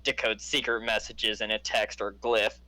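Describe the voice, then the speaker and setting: A man's voice: fairly low pitch, little pitch movement, moderate pace, sharp tone, no echo, rough recording. A man playing a tabletop game, chatting casually with some swearing and reading rules out. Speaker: player.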